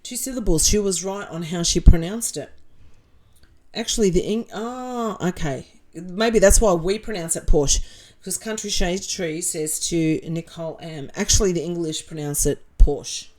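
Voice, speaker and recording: An Australian woman chats casually as a livestream host, reading out viewer comments and replying bluntly, with sarcasm and the odd swear word. Her voice sits on the low side and has a mellow, warm tone. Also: moderate pace.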